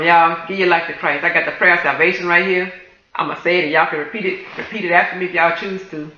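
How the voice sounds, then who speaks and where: A woman minister praying fervently and preaching to her listeners, repeating praises with deep emotion. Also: sharp tone. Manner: emotional, repetitive praise, addresses listeners as y'all. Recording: roomy, dull lo-fi sound.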